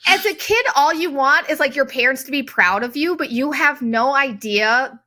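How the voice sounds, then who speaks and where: A woman in her forties hosting a podcast, chatting casually and telling animated stories with acted-out quotes and casual swearing. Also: sits high, normal speed. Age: 40s. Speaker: podcast host. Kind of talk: casual conversation.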